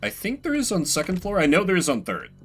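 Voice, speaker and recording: An animated man narrating his own playthrough in a chatty, self-mocking way. His voice is bright and forward, and it swings widely in pitch. Faint game music plays underneath. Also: quick pace. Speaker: streamer playing a horror game. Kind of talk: let's play commentary.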